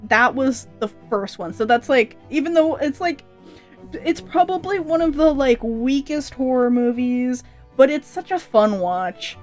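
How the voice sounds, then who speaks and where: A woman's voice: a little high, a little mellow. A young adult woman chatting casually on a livestream, rambling and chatty with lots of fillers and restarts. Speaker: streamer debuting a vampire persona.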